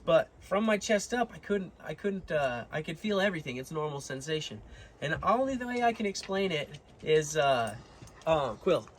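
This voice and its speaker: A man's voice: a little high, sing-song, normal speed, slight background noise. A young man telling a long story to his viewers in a casual, rambling way, full of fillers and restarts. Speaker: vlogger.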